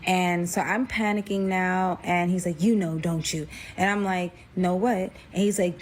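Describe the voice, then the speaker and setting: A young woman telling a personal story in casual storytime style, full of fillers, acting out quotes with big jumps in pitch and dropping to a whisper at tense moments. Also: fairly even intonation, measured pace, hardly any pauses, a little hiss or hum. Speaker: storyteller vlogger.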